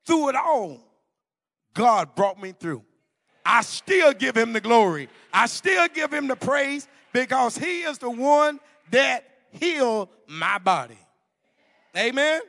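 High, gravelly-voiced preacher in a reverberant hall. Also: male voice, very animated, slow pace, fairly bright tone, clean studio sound. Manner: folksy, emphatic preaching. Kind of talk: sermon with personal testimony. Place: church hall.

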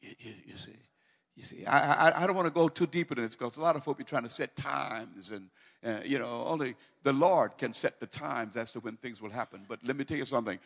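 A man preaching a sermon, moving from calm teaching to loud, fervent declarations full of repetition. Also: mid-range voice, brisk, creaky, in a large hall.

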